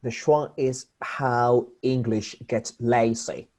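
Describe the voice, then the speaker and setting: A man's voice: medium pitch, fairly even intonation, slow pace, darkish tone. A man teaching an English pronunciation lesson. He repeats example words over and over and often restarts his phrases while he explains.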